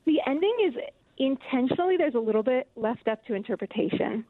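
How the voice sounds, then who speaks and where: A woman author speaks to the show over a tinny phone line, so her voice comes through thin and narrow. She talks thoughtfully, pausing often on fillers as she looks for the right words. The sound is dry and close. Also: sits high, animated, dry recording. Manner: thoughtful, hesitant with many fillers. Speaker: author guest. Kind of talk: radio interview about her book.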